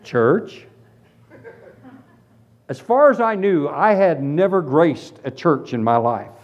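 A man preaching a humorous sermon testimony, telling his story in an animated, self-deprecating way. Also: fairly high pitch, normal speed. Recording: dull lo-fi recording.

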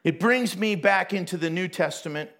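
A man with a notably high voice preaches in a relaxed, conversational way. He laughs often as he talks. He acts out the people in his story with quick little voices. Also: gravelly. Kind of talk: casual sermon.

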